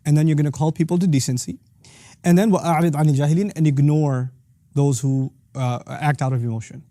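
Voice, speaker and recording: A middle-aged man teaching a lesson on Quranic verses as host of his series, talking rapidly and breaking into quick Arabic recitation. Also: a little high, steady tone, mellow, dry recording, studio quality.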